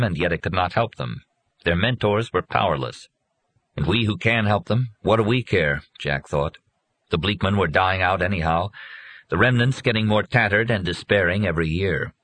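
A man reads a novel aloud in a measured, even way. His voice is deep and low. The sound is dry and close, with no room around it. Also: no room sound. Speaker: narrator. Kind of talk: audiobook narration.

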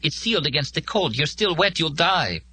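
A caring young woman with a gentle but firm manner, as a male narrator puts her on, her voice lifted much higher than his own. She sounds bright and clear as she soothes and urges. It plays as a character voice in a spoken audiobook. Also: sing-song, normal speed, slight background noise, heavily acted. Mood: urgent. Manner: urging, soothing.

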